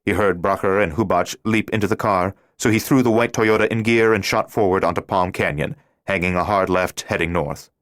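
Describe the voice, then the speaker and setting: A man narrating a thriller audiobook in a steady, measured reading voice. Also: low-pitched, no echo, studio quality. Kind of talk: scripted narration.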